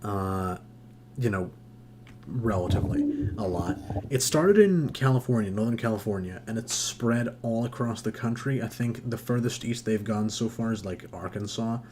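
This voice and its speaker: A man's voice: fairly low pitch, normal speed. A man from the United States chats loosely on a stream. He jokes crudely and laughs often. A faint hum runs under his voice. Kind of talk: casual chat.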